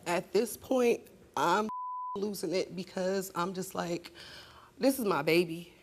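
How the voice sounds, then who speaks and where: A woman with a lowish voice speaks slowly against a noisy background as a talk show guest. She tells an emotional story, and when she argues her voice shoots up to shouting, making it confrontational testimony.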